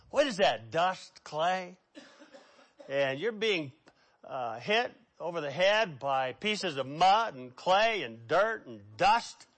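A man preaching a sermon with dramatic swings between hushed and loud delivery. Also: high-pitched.

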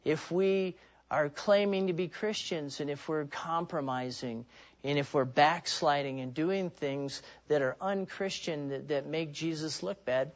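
A man's voice: on the high side, muffled recording. A man preaching a sermon in an earnest, personal way, often restarting and repeating words.

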